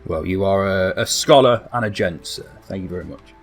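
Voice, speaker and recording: A man voicing an old male dwarf blacksmith with a sooty beard, talking slowly and trailing off in a tabletop role-play. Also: deep voice, gravelly, faint music behind. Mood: gruff.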